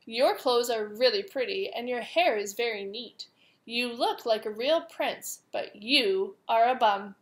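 A woman voicing a clever, bold young princess in a storybook, speaking eagerly with bright exclamations. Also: fairly high pitch, unhurried, lightly acted. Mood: scolding.

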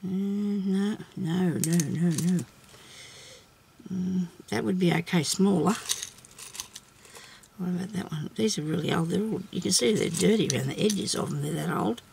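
A woman hosting a casual craft tutorial, chatting and thinking aloud as she works, with soft laughs to herself. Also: on the low side, unhurried, vocal fry, slight background noise. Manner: rambling, chatty, thinks aloud while working.

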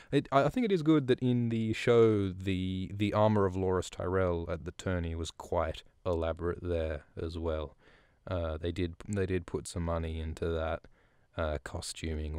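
A man with a low, smooth, resonant voice recaps a book chapter for his podcast. He rambles through it casually, swearing freely and tossing in jokey asides. The recording is close and dry. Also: darkish tone, dry recording. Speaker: podcast host.

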